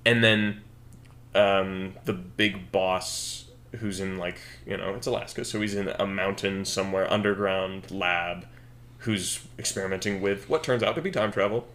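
Rambling young man, lowish voice. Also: measured pace, a bit bright, a little hiss or hum. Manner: rambling, thinks aloud with fillers and self-corrections. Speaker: podcast co-host. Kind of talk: casual podcast chat, brainstorming a story.

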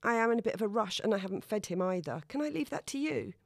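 A woman voicing Zoe, a harried young woman who talks in a quick, slightly higher, apologetic rush. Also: expressive, gravelly, dry recording, clean studio sound. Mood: hurried.

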